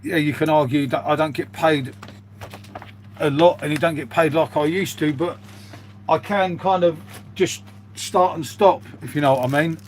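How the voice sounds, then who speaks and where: A British man talks loosely to his stream chat and keeps throwing in "mate". His voice sits a little high for a man. A faint hum runs under the talk. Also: moderate pace. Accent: British English. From United Kingdom. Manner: chatty, rambling, says "mate" often. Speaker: live streamer reading chat. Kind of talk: casual live-stream chat.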